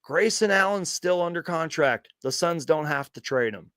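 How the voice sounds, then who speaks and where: A man's voice: fairly high pitch, lively intonation, normal speed, fairly bright tone, no room sound, clean studio sound. A man hosting a casual live question-and-answer stream, chatty and rambling, often restarting sentences and laughing along. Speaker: host of a fan live stream.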